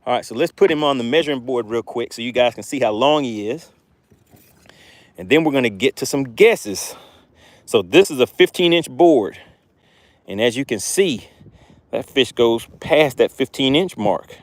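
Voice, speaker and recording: An excitable man hosts a live fishing stream from a boat out on a windy lake. He talks straight to his viewers, repeating his phrases with eager energy. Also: medium pitch, moderate pace, dry recording.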